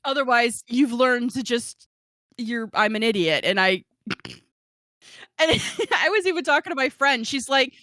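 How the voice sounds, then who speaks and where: A woman's voice: fairly high pitch, lively intonation, measured pace, pauses often, fairly bright tone, dry recording. A woman podcast host chats casually, giggling and running herself down, with plenty of filler words. Her voice sits close and dry on the mic, with no room sound around it. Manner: chatty, giggly, self-deprecating, lots of fillers. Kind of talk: casual chat.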